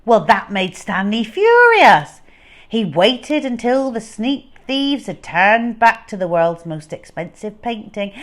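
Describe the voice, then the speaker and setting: A woman reading a children's storybook aloud, expressive and unhurried. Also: a little high.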